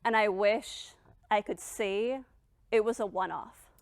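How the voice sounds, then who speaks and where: A middle-aged woman giving a dramatic motivational speech as a founder, emphatic and blunt, with long pauses. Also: medium pitch, no room sound, studio quality. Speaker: founder and keynote speaker.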